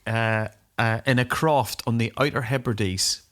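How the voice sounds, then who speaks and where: A man's voice: medium pitch, unhurried, fairly bright tone. A man co-hosting a rock podcast, telling stories in a rambling casual chat full of ums and uhs. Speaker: podcast co-host.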